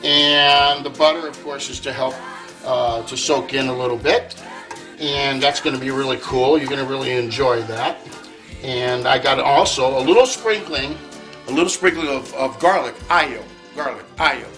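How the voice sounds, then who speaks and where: A man's voice: medium pitch, moderate pace. A man hosting a casual cooking demonstration in a kitchen, chatting to viewers and sprinkling in Italian words. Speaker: cooking show host. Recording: echoey kitchen with background music.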